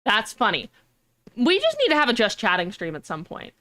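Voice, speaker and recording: A young woman streamer chatting casually, animated and rambling, with frequent swearing. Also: on the high side, brisk.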